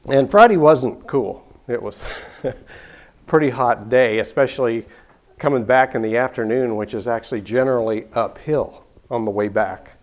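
A man's voice: mid-range voice, normal speed, a little mellow. An older man telling a personal story in an easygoing way, chuckling often and restarting his sentences.

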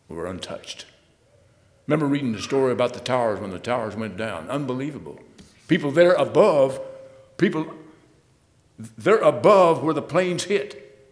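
A man reads scripture aloud during a sermon and then expounds on it, alternating loud emphatic bursts with low, quiet asides. His voice carries a long reverb tail.

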